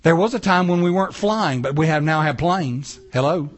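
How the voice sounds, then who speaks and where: A man delivers a sermon from the pulpit. His voice sits high for a man, and he keeps things animated with rhetorical questions and offhand remarks to the congregation. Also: moderate pace. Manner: animated preaching with casual asides and rhetorical questions. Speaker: pastor. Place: church sanctuary.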